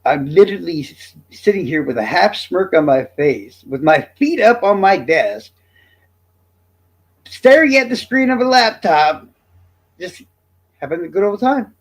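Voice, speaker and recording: A man's voice: high-pitched, very animated, measured pace. A man in his fifties ranting to his livestream chat, profane, boastful and combative. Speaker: streamer.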